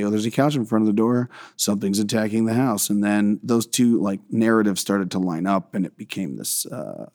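Profane rambling man, low and dry. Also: darkish tone, no echo. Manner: rambling, profane, self-deprecating, many restarts. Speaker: filmmaker guest. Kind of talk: casual podcast interview.

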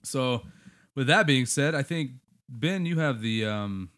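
A man's voice: mid-range voice, expressive, measured pace, fairly bright tone. A man hosting a loose podcast conversation among friends. He jokes along but keeps the talk on track, and his voice rises and falls freely. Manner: joking, steers the talk. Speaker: podcast host. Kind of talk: casual chat.

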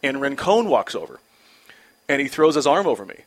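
A man in his forties, a former pitcher, telling a story in a casual, animated way with many restarts. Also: moderate pace.

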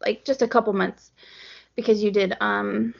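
A woman co-hosting a podcast in casual chat, upbeat and quick to laugh along. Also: medium pitch, fairly even intonation, creaky, dull audio. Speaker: podcast co-host.

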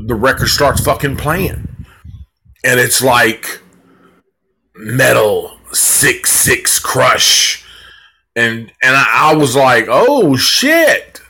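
A man's voice: mid-range voice, a bit bright, low-quality recording. A man hosting a live podcast, reviewing a movie in a laid-back, casual way, swearing freely and leaning on fillers. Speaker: podcast host reviewing a film.

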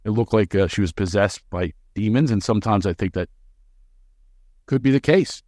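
A man talking as a podcast guest, animated and quick with sarcastic jokes. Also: fairly low pitch, no room sound, studio quality. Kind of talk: podcast interview conversation.

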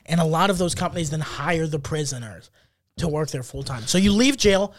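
A man co-hosting a podcast in casual chat, animated and rambling with lots of fillers. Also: fairly high pitch, a little fast, no room sound, clean studio sound. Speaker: podcast co-host.

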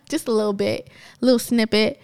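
A woman's voice: a little high, darkish tone. A woman from New Jersey co-hosting a podcast, telling personal stories in a casual, motivational way. She laughs often and acts out the other voices in her stories. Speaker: podcast co-host.

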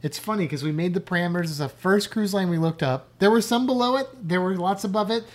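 A woman's voice: on the low side, fast. A woman co-hosting a podcast in casual, rambling, self-deprecating chat. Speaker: podcast co-host.

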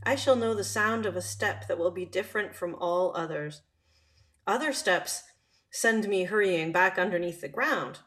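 A woman voicing a wise, gentle male fox in a calm, measured storybook reading. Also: lowish voice, lightly acted. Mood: wistful.

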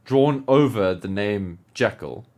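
Animated man reminiscing on a podcast. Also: lowish voice, takes it slowly. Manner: animated, laughing, uses filler words. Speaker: podcast co-host. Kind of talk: casual podcast chat.

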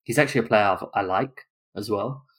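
Low-voiced chatty podcast co-host man. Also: a bit bright. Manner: chatty, lists possibilities in quick runs. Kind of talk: casual football chat.

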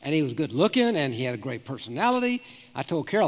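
A man's voice: mid-range voice, big pitch swings, fast talker. Older man preaching in an echoing hall. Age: 70s. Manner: earnest storytelling with frequent restarts. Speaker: pastor. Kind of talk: sermon with personal stories. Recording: long reverb of a large hall.

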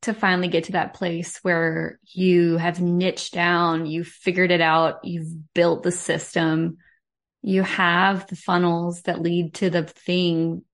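A woman's voice: fairly low pitch, level tone, slow pace. A woman who runs her own business, a podcast guest talking in an earnest, heartfelt way. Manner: earnest and heartfelt, talks about faith. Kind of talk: casual podcast conversation.

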